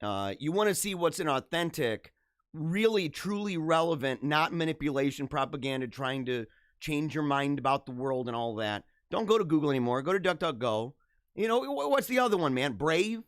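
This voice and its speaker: A man hosting a live show, giving casual, jokey commentary in an animated, ranting way and laughing often. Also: fairly high pitch, moderate pace, no room sound, clean studio sound.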